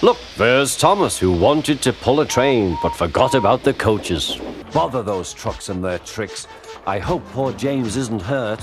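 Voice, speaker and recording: A man narrating a children's storybook in a gentle, expressive reading voice. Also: medium pitch, a little slow, music in the background.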